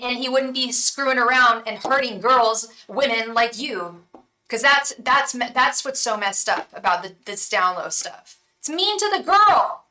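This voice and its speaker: Woman tarot reader on a live stream, frank and chatty, bright voice, sitting back from the mic. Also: fairly high pitch, recorded from a distance, slight background noise, poor audio. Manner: frank, chatty, swears casually.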